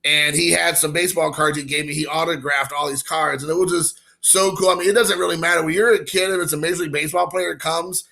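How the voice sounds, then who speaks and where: Casual card vlogger, man in his forties from Indiana; gravelly, bright, gushing and rambling. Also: fairly high pitch, quick pace, few pauses. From Indiana, USA. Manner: excited, emotional, rambling with fillers. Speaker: baseball card collector vlogger. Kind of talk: casual card-opening vlog.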